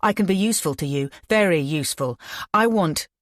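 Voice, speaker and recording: A woman's voice: on the low side, animated, no echo, studio quality, close to an everyday voice. A woman voicing a nervous young man who speaks carefully while bluffing a gangster. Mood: pleading. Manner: careful, slow and deliberate.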